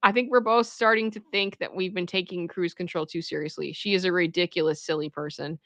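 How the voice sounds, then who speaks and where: Casual female commentary host with a bright, somewhat high voice, chatty and animated, dry close sound. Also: brisk, no echo. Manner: chatty, laughs often, animated reactions.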